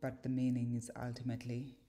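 Woman teacher, very low mellow voice, slow and deliberate, lesson delivery with "uh" pauses. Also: monotone. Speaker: language and scripture teacher. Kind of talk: explanatory lesson.

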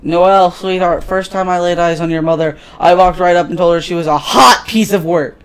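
A man's voice: sits high, fairly even intonation, brisk, smooth, pitched above the performer's own voice. Brief: a man putting on an easygoing, joking reindeer-monster dad. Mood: jokey. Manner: jokey, easygoing. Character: jokey laid-back reindeer monster dad in hospital.

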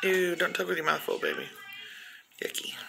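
A woman's voice: lowish voice, little pitch movement, fast, gravelly, noisy background. An older woman chatting casually at a family meal, coaxing young children to eat and talking to her video audience. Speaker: home cooking vlogger.

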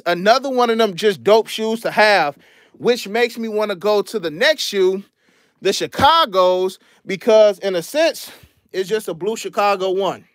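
A young man hosting a casual livestream, chatting in slang about his collection and shouting out viewers who donate. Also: sits high, no room sound, clean studio sound. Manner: laid-back slangy chatter, shouting out donors. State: out of breath. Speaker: sneaker channel host. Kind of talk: casual livestream show-and-tell.

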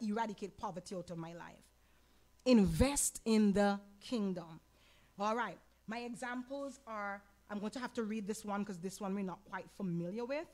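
A woman pastor with a Caribbean accent teaching a Bible lesson, animated, asking the audience questions and acting out quoted lines. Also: medium pitch. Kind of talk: sermon-style Bible teaching.

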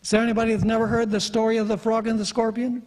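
A man's voice: very high voice, completely flat delivery, very fast, darkish tone. A man preaching a sermon, emphatic and questioning his audience. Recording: long reverb of a hall.

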